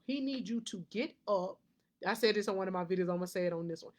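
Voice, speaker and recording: A woman's voice: medium pitch, a little fast, a little mellow. A woman life coach giving a motivational faith talk to camera, preachy, repeating key lines and laughing often.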